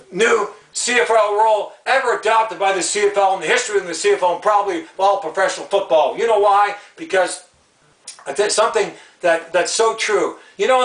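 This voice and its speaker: A man's voice: sits high, a bit bright, echoey room, distant mic, low-quality recording. A man from Canada ranting angrily in a video, repeating himself and stumbling over restarts. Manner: angry, repetitive, stammering restarts. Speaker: video ranter about football rules. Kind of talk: heated solo rant video.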